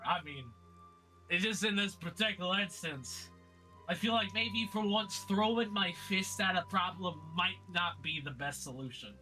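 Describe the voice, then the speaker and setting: A man's voice: high voice, expressive, moderate pace, pushed and bright, faint music behind, heavily acted. A man playing a foul-mouthed hot-tempered brawler. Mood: awkward, asking. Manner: profane, rambling rants. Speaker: player voicing his character.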